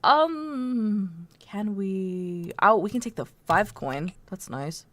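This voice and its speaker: A woman's voice: fairly low pitch, expressive, very slow, fairly bright tone, slight background noise. A woman streaming a video game, chatting playfully with viewers and giggling often. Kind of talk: casual gameplay commentary.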